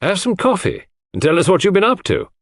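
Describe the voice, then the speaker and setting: A man's voice: high-pitched, wildly swooping pitch, brisk, no room sound, clean studio sound, pitched above the performer's own voice, full character voice. A man voicing a genial, teasing man of the house in a storybook. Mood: jovial.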